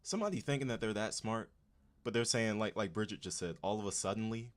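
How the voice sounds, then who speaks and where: A man's voice: lowish voice, fast. A man hosting a casual livestream, talking straight to his chat in laid-back slang. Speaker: livestream host.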